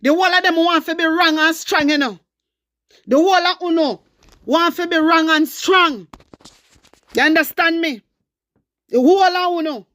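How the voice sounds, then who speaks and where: A woman's voice: very high-pitched, normal speed, long pauses, fairly bright tone, no room sound. A woman with a Jamaican accent giving heated political commentary on her vlog, stressing points by repeating phrases. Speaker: political vlogger.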